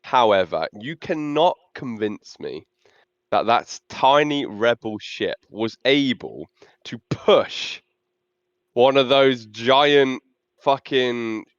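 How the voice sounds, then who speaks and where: A man's voice: medium pitch, animated, slow, no room sound, lo-fi sound. A man co-hosting a casual podcast chat, arguing emphatically and swearing casually. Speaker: podcast co-host.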